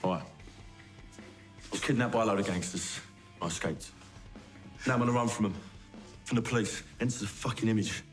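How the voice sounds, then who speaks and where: A man's voice: on the low side, normal speed, long pauses, faint music behind, close to an everyday voice. An actor playing a man on the run, earnestly pleading his case. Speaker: former band member on the run.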